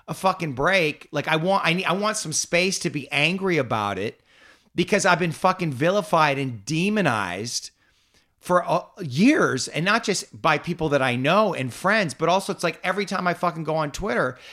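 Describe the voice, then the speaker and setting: A man vents in a heated podcast conversation, with a bright, forceful tone and a voice pitched a little high. He swears at nearly every turn and circles back over his own phrases. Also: animated, normal speed. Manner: angry, swears constantly, repeats himself. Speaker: podcast host.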